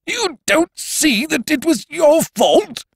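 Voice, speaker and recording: A man voicing an excitable, blustering young English schemer who stammers and bursts out indignantly. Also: very high voice, slow pace, creaky, no room sound, studio quality, voice pushed up, exaggerated voice.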